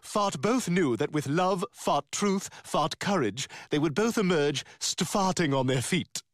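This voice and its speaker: A man's voice: fairly high pitch, animated, unhurried, no echo, studio quality. An actor voicing a haughty, scheming baby boy with a plummy British accent in a cartoon. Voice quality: plummy, theatrical, sneering. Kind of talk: cartoon voice acting.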